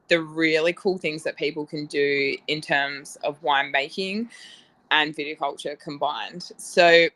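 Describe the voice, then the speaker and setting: Bright-voiced chatty woman. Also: low voice. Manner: chatty storyteller, many "like"s and acted-out quotes. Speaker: winemaker guest. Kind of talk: casual interview chat.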